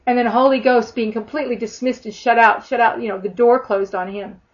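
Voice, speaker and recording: Woman preacher, emphatic and heartfelt, slightly high voice, muffled lo-fi sound. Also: fairly even intonation, brisk. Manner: fervent, emphatic, voices imagined prayers. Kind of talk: sermon. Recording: dull lo-fi sound.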